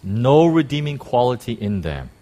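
A man pastor preaching a sermon in a conversational way, with rhetorical questions and quick acted-out quotes of churchgoers. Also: big pitch swings, dark tone. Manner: acts out quoted church talk in sudden high bursts.

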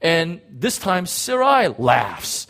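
A man preaching a sermon in an animated way, acting out biblical figures, with frequent restarts. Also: a little high, extremely slow. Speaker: pastor.

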